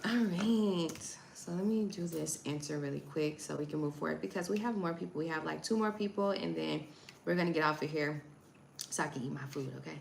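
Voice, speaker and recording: A woman's voice: low-pitched, brisk, gravelly, roomy sound, a little hiss or hum, low-quality recording. A woman hosting a livestream, chatting casually with her viewers and reading text aloud. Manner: chatty, talks to chat, reads text aloud. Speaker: livestream host.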